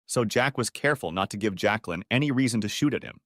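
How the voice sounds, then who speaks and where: A man narrating an audiobook story with expressive storytelling. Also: on the low side, fast, no echo, clean studio sound.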